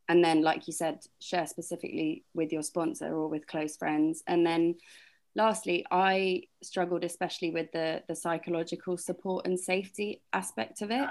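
A woman's voice: lowish voice, vocal fry. Chatty young woman co-hosting a podcast. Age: young adult. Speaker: podcast co-host. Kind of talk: casual podcast chat.

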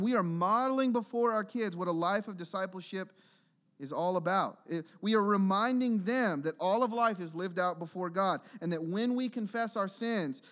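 High-voiced earnest male pastor preaching. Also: fairly bright tone. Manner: earnest, building to emphatic exhortation. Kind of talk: sermon.

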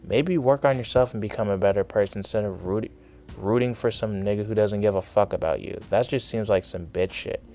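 A young man with a fairly low, slightly mellow voice hosts his own podcast, delivering a solo rant full of anger and heavy profanity in a casual, heated way.

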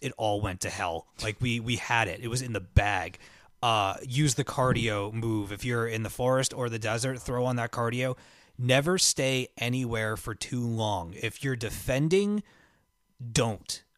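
A man chatting casually as a podcast co-host, telling stories excitedly with lots of "like" and restarts. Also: mid-range voice, no echo, studio quality. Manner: excitable, rambling storyteller full of "like". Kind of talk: casual chat.

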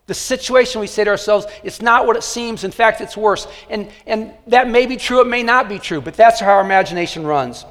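A man's voice: sits high, fairly quick, hardly any pauses, a bit bright. A man preaching a sermon to a nearly empty church and an online audience, speaking in a conversational, joking way with many fillers. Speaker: pastor. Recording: long hall reverb.

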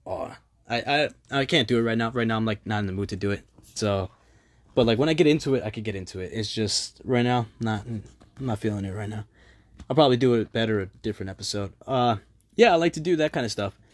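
A young man rambling in a casual solo monologue, self-deprecating and swearing freely, his voice a little strained. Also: lowish voice.

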